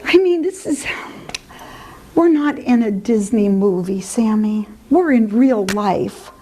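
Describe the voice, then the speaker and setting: A woman's voice: on the high side, lively intonation, slow, warm tone, slight background noise, low-quality recording. A woman playing herself in a comic puppet dialogue, sounding weary, reluctant and self-deprecating. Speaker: puppeteer and spiritual teacher.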